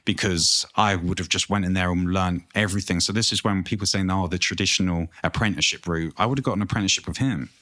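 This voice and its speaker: A very low-voiced man chats as a guest, telling stories in a lively, loose way. He swears freely, and the talk stays casual. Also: fast talker, hardly any pauses. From England. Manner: animated storytelling, swears freely. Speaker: tattoo artist guest. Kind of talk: casual interview chat.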